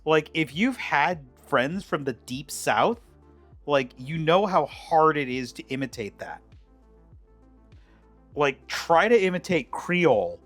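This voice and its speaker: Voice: mid-range voice, lively intonation, slow, a bit bright. A cooking streamer chatting casually while making a dish, rambling with many fillers and restarts. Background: faint background music.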